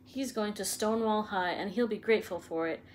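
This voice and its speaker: A woman voicing a blustering, bullying middle-aged uncle who shouts and sputters in a storybook reading. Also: medium pitch, fairly quick, a little hiss or hum, natural voice. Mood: hissing.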